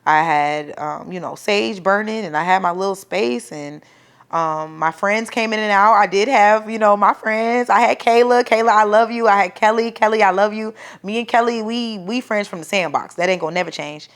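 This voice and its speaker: A young woman tells a personal story in a loose, casual way, swearing freely and acting out others' lines with bursts of volume. Her pitch sits in a middle range, and she drops to a quiet, tender tone when she is moved. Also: moderate pace, clean tone. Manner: animated, profane, acts out quoted voices loudly; grows soft and quiet when emotional. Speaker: mother telling her birth story.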